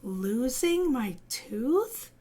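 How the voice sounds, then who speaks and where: A woman voicing an excitable, anxious young girl elephant in a children's story, squealing high and breathless. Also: extremely slow, husky, full character voice. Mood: excited.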